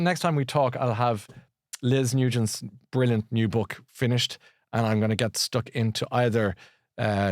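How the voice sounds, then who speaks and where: Male host, mid pitch, enthusiastic and chatty, dry close sound. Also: dry recording. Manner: chatty and enthusiastic, with frequent restarts. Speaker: host of a live book and culture show. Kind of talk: casual chatty live show.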